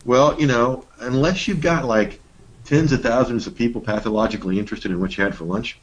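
A man's voice: medium pitch, fairly quick, husky, lo-fi sound. A middle-aged man co-hosting a workshop, talking in a casual, folksy way with playful emphasis. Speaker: workshop co-host. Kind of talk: casual teaching talk.

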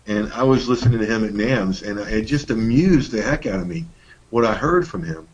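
A man's voice: medium pitch, fairly quick, gravelly, slightly rough, lo-fi sound. A middle-aged man co-hosting a workshop, talking in a casual, folksy way with playful emphasis. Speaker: workshop co-host. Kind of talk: casual teaching talk.

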